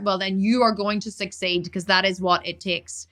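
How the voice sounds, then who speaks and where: A woman fitness coach answering viewer questions on a live stream, talking fast, blunt and emphatic. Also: mid-range voice, bright, forceful tone.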